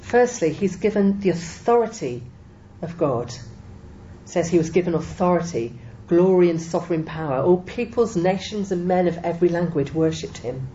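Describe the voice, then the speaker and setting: Woman preacher, low mellow voice, measured emphatic sermon delivery, dull lo-fi recording with faint hiss. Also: animated. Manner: measured, emphatic Bible teaching with quoted scripture.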